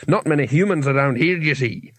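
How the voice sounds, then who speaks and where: A man's voice: fairly high pitch, fairly quick, fairly bright tone, natural voice. A man voicing a friendly, chatty male troll who muses cheerfully and matter-of-factly. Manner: cheerful, matter-of-fact, musing. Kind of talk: audiobook character reading.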